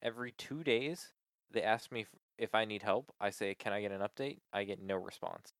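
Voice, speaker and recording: A man's voice: lowish voice, normal speed, a bit bright, no room sound, clean studio sound. A man in casual chat, venting with exasperation about a support call, swearing often and filling with "like".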